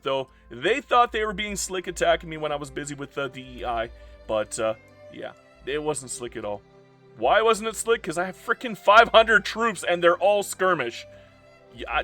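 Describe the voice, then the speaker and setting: A young man with a bright, forceful voice commentates his strategy game, jumping around a lot in pitch. He bursts out in loud disbelief, then grumbles and gloats over his wins. Soft music plays underneath. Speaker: strategy game video creator. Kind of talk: gameplay commentary.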